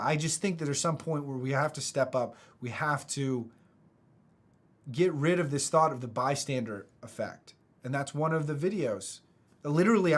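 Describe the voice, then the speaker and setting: A man from the United States, a motivational speaker, talking casually online in an earnest, halting way with many restarts. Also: on the high side, fairly bright tone.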